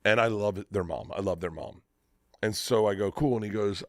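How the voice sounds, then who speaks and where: A middle-aged man telling a long, profane story in casual podcast banter, loud and animated. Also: lowish voice, fairly quick, no room sound, studio quality. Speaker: podcast co-host. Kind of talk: casual storytelling among comedians.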